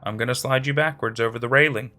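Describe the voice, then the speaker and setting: A man's voice: mid-range voice, fairly even intonation, quick pace, pushed and bright, natural voice. A man voicing a reckless young man who has taken drugs, carefree and slurring. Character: reckless, high young man with a loose grin.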